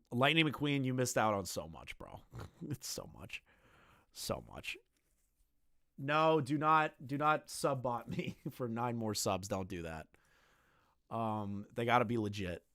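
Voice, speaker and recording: A man's voice: medium pitch, a bit bright, no room sound, clean studio sound. A young man streaming live, ranting bluntly with lots of swearing and repeated phrases.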